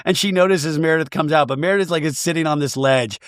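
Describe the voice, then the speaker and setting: A man's voice: on the high side, fast talker, clean tone, dry recording, studio quality. A man hosting a comedy podcast, recapping a reality show in a playful, jokey way. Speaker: podcast host.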